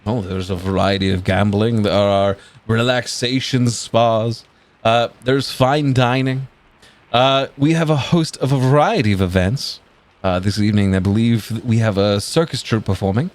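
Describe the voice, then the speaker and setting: A man voicing a formal, reserved male servant and driver who speaks politely and haltingly. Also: on the low side, fairly even intonation, lightly acted. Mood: courteous.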